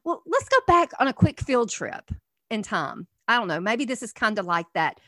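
A middle-aged woman minister giving an earnest teaching sermon, asking many rhetorical questions and swinging from soft to emphatic. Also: a little high, sing-song, moderate pace, no room sound, studio quality.

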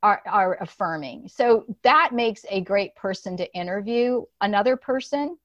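A woman's voice: mid-range voice, animated, measured pace, a bit bright, dry recording. A middle-aged woman hosts a casual podcast chat, rambling along with plenty of fillers and restarts. The recording is dull and slightly lo-fi, and very dry with no room sound. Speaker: podcast host.

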